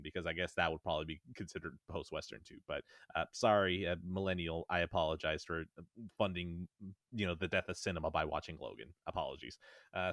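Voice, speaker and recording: A man's voice: deep voice, fairly bright tone, dry recording, studio quality. A man co-hosting a casual podcast from home, swearing a lot and ranting sarcastically. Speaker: podcast co-host. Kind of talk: casual chat. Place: at home in a bedroom.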